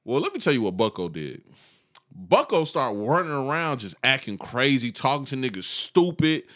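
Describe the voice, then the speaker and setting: A man's voice: mid-range voice, big pitch swings, normal speed, fairly bright tone. A man in his thirties telling a long, profane story in casual chat, laughing and acting out the people in it.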